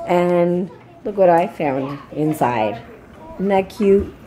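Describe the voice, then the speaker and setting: A woman's voice: on the low side, animated, takes it slowly, dark tone. A young woman narrating a family vlog outdoors at a backyard pool, chatting to viewers with lots of "like" fillers. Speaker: family vlogger.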